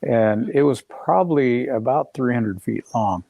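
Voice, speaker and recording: Halting middle-aged man with a gravelly edge. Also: medium pitch, warm tone, no room sound. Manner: rambling, halting, many fillers and restarts. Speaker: guest. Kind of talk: casual storytelling on a live video call. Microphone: video call.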